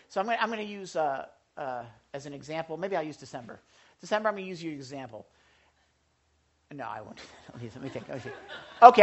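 A man preaching a casual sermon to a congregation, animated and jokey, swinging between loud and quiet. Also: a little high.

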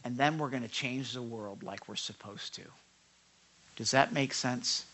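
A man's voice: mid-range voice, measured pace, sharp tone, a little hiss or hum, poor audio. A man preaching a sermon, conversational with asides, who acts out quoted voices with animation. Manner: conversational asides, self-corrections. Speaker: pastor.

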